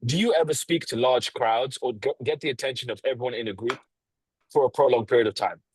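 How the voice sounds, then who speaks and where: A man coaching on a video call, talking bluntly and swearing freely, with a lively tonality, deliberate pauses and stressed words. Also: medium pitch, breathy edge, no room sound, low-quality recording. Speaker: sales coach.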